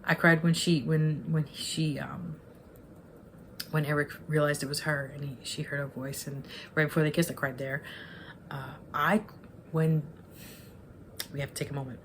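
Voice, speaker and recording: Low-voiced woman in her forties reviewing. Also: flat delivery, moderate pace, pauses often, a little hiss or hum. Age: 40s. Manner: rambling and self-correcting, openly emotional. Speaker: online movie reviewer. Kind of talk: casual spoken film review.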